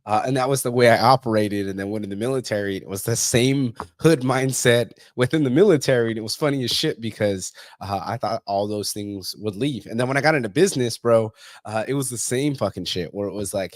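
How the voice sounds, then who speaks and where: A man in his thirties hosts a podcast and talks fast in swearing, hyped bro slang. His voice sits fairly low, and the sound is dry and close, with no room around it. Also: no echo. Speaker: podcast host. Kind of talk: casual interview chat.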